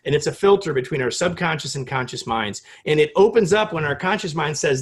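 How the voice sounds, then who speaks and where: A middle-aged American man tells a story as an interview guest, his voice sitting a touch high for a man. He livens it with acted-out quotes, his pitch jumping as he plays the characters in his story. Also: a little fast. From United States. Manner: animated storyteller, acts out quotes with rising pitch.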